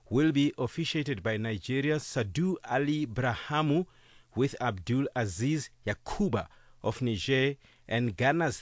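A man presenting a scripted radio sports bulletin in a measured, formal delivery. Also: mid-range voice, no room sound, studio quality. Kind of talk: scripted news reading. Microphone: dry studio mic.

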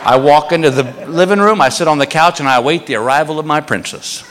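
A man telling a stand-up story on stage, animated and acting out other people's voices. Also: on the high side, fast talker, background noise. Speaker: stand-up comedian. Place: comedy club stage. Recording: echoey live venue with crowd. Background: audience laughter.

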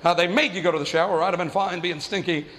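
A male stand-up comedian with a fairly high voice tells a story in an animated way, jumping into quoted voices. His voice carries a long hall reverb, with faint room ambience behind it. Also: rapid-fire, a little hiss or hum. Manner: animated, acts out quoted voices with big jumps.

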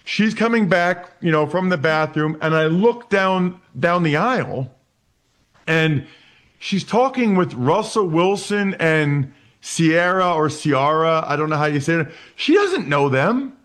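A man in his forties from Pennsylvania, telling stories as a guest. His voice sits a bit high for a man. He is animated and keeps restarting his sentences with repeated words. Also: a little slow. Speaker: interview guest. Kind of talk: casual storytelling.

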